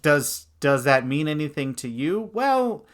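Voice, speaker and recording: A man's voice: a little high, measured pace. Man explaining how to do character voices. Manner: animated, demonstrates voices as he explains. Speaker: dungeon master and host. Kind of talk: instructional video.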